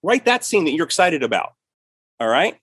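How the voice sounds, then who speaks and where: Animated man with a husky voice. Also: on the high side, normal speed, no echo. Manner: animated, restarts and repeats often. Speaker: podcast host and writer. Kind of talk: casual chat.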